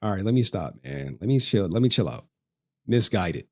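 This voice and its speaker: Profane, heated livestream host. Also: male voice, sits low, big pitch swings, fast talker. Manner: profane, heated, swearing constantly. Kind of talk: casual livestream rant.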